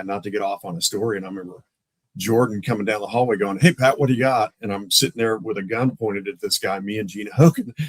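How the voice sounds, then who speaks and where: Older man, ex-cop storyteller, dry close sound, middling pitch. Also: no room sound, low-quality recording. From Tulsa, Oklahoma. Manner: animated, acts out others' voices in his stories; laughs often mid-story. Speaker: guest, former police officer. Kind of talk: casual storytelling chat.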